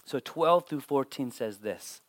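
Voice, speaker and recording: A man giving a sermon as pastor, telling stories with lively swings and dropping almost to a whisper for emphasis, often repeating words as he starts a sentence. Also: mid-range voice, a little slow, no room sound. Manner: animated storytelling, drops to near whisper for emphasis.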